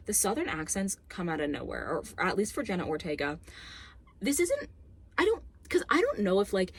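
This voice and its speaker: A young woman ranting casually about a movie, sarcastic and expressive, swearing often. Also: sits low, husky. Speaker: movie reviewer.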